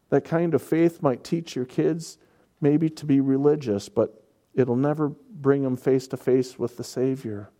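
A man delivers a sermon at a slow, deliberate pace. His voice is mellow and warm at a middle pitch. He builds emphasis by repeating key words as he explains scripture. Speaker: pastor.

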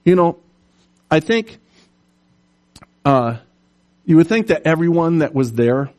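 A man preaching a sermon, animated, telling stories and putting on voices for the characters in them. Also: mid-range voice. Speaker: pastor.

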